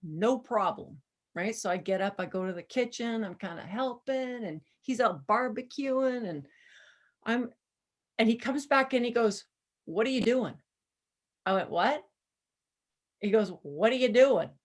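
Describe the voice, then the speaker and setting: A woman with a slightly high voice talks casually over a video call, laughing often as she tells stories. She coaches listeners through steps in an easy, chatty way. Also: unhurried. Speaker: presenter guiding users. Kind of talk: casual chat.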